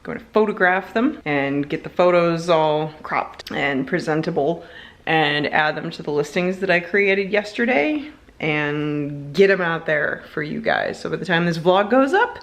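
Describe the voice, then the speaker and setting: A woman's voice: deep voice, lively intonation, normal speed. A woman vlogging from her home kitchen while making candles, chatting in a playful, self-mocking way. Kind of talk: casual vlog chat.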